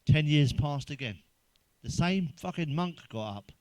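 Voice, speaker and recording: A man's voice: on the high side, expressive, unhurried, no room sound. A man telling crude stand-up jokes, swearing constantly and laughing at his own punchlines. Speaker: stand-up comedian.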